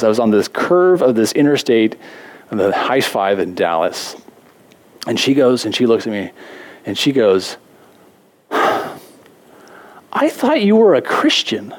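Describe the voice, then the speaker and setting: A man preaching a sermon as a pastor, talking in a conversational way with self-deprecating jokes and lively asides. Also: lowish voice.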